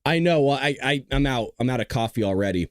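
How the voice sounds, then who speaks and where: A man hosting a live stream, talking to the chat in a blunt, casual, combative way and often clearing his throat. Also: medium pitch, animated, quick pace, no echo. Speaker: show host. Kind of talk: livestream commentary to a chat.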